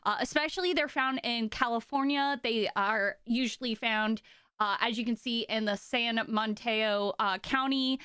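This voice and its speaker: Young woman, streamer teaching casually, bright and crisp, dry close sound. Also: fairly high pitch, a little slow, dry recording. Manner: chatty, many fillers, enthusiastic asides; reads and answers chat questions. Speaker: streamer teaching about sea otters. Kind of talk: casual educational talk.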